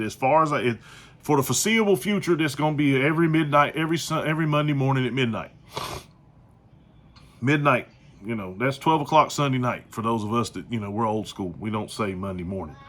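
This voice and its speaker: A man's voice: a little high, fairly bright tone. A man hosting his own podcast, talking casually and repetitively in slangy, joking asides. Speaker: podcast host. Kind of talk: casual solo podcast monologue.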